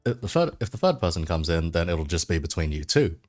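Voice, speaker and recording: A man's voice: sits low, very animated, quick pace, faint music behind. A man hosting a casual chat, explaining the rules of a card game and often repeating himself. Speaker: host.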